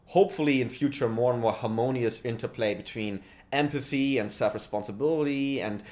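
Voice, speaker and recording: A man's voice: mid-range voice, brisk, a little mellow. German-accented young man vlogging. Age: 20s. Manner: thinking aloud, frequent restarts and fillers. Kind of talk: casual talk to camera. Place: condo apartment.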